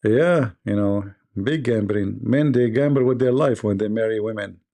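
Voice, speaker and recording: Gravelly joking man telling stories. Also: fairly low pitch, moderate pace, warm tone. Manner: laughs at own stories, acts out dialogue. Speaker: live stream host. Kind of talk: joking live-stream monologue.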